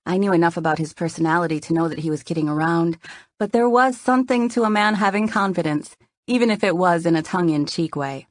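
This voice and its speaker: A woman narrating a first-person romance novel in a soft, intimate reading. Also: on the low side, quick pace, dry recording, clean studio sound. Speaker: audiobook narrator.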